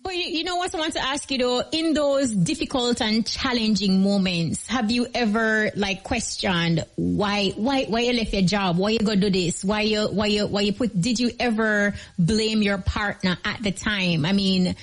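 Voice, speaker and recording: A woman's voice: mid-range voice, normal speed, hardly any pauses. Woman, host, interviewer, rambling, repeats herself. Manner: rambling, repeats words while framing questions. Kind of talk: interview questions.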